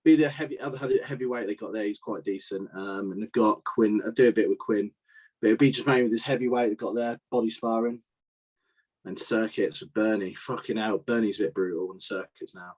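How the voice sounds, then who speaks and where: A man's voice: lowish voice, a little fast, a little mellow, breathy edge. A young man from southern England, laid-back and sweary, laughing through casual banter with a friend. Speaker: co-host, amateur boxer.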